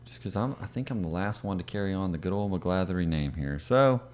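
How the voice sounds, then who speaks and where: An easygoing young man with a very deep voice, chatting as a podcast co-host. He speaks in a low-key, relaxed way. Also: fairly quick. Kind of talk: casual chat.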